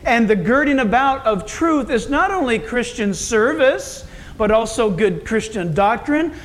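Male pastor, high voice, chatty folksy sermon delivery. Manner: folksy, conversational preaching with asides to the congregation.

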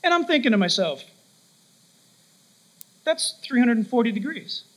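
A man preaching a sermon, telling stories with lively shifts of voice and acting out the people in them. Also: very high voice, normal speed, rough recording. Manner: animated storytelling, acts out quoted voices.

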